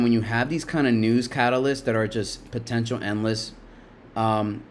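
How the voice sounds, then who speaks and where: A middle-aged man hosting a casual live stock market stream, loose and profane, talking straight to his chat. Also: medium pitch. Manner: loose, profane, talks to chat, laughs a lot. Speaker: livestream stock market host.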